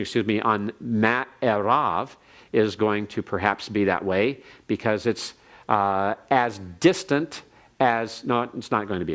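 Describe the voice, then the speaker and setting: Older man, lecture voice, lowish pitch, measured explanations, slow drilled phrases. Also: fairly bright tone. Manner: measured, explanatory, reads Hebrew slowly for students to repeat. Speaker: Hebrew grammar lecturer. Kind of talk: classroom lecture.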